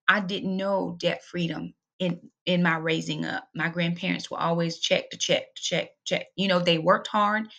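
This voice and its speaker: A woman's voice: mid-range voice, vocal fry, a bit bright. A middle-aged woman, talking casually and emphatically to camera about her family budget in a vlog, encouraging her viewers. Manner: chatty, emphatic, preachy and encouraging. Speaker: budgeting vlogger, single mom.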